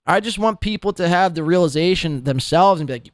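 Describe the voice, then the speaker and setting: A man's voice: sits high, brisk, few pauses, no room sound, studio quality. A man hosting a podcast, ranting sarcastically and with a lot of swearing as he reacts to clips. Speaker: podcast host.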